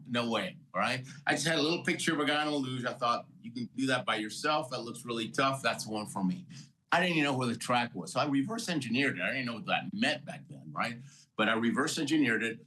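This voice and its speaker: An older man in his sixties with a bright, forceful voice sits as an interview guest and tells his story. He talks with lively energy, laughs often and slips into the voices of the people he met along the way. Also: medium pitch, rough recording. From Houston, Texas. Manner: energetic, motivational, laughs often, acts out dialogue. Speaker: guest, Olympic athlete.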